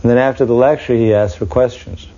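Man with a mellow voice telling anecdotes. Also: medium pitch, fairly even intonation, quick pace. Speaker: devotee recounting memories. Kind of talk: anecdotal storytelling. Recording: dull lo-fi recording.

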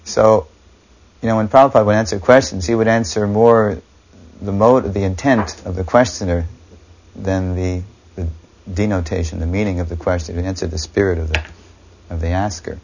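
A man's voice: sits low, steady tone, normal speed, darkish tone. A man telling a story reflectively, picking his words carefully as he explains. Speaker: devotee recounting memories. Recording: dull lo-fi recording.

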